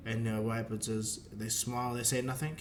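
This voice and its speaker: A man's voice: mid-range voice, level tone, brisk, a little hiss or hum. Man rambling through a fan story. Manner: loose, rambling, many fillers. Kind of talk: casual spoken fan-fiction retelling.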